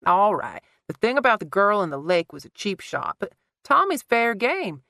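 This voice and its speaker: A woman's voice: mid-range voice, very animated, moderate pace, pushed and bright, no echo, clean studio sound, pitched above the performer's own voice. A woman voicing a flippant adult man who mocks and teases in an audiobook. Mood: mocking. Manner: flippant, mocking. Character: teasing sardonic adult man, card-playing friend.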